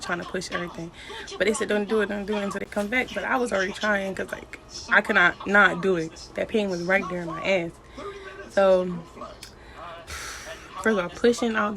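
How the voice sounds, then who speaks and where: Young woman vlogger, blunt and profane, animated storytime, crowd chatter behind. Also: mid-range voice, gravelly. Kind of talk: casual storytime.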